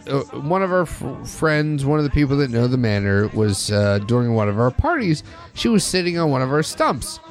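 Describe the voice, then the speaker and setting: A man hosting a podcast, chatting casually in a rambling way with frequent restarts and swearing. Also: on the high side. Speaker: podcast host. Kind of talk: casual chat.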